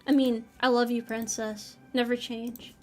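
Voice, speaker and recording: A young woman streams a farming game as a VTuber, chatting loosely with viewers and making fun of herself. Her fairly high voice is flat in delivery and measured in pace, with soft music in the background.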